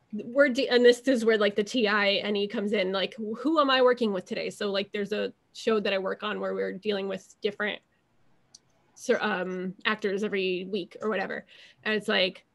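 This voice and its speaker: A woman's voice: mid-range voice, steady tone, normal speed, vocal fry. A young adult woman talking casually as an interview guest, rambling with many fillers and restarting her thoughts.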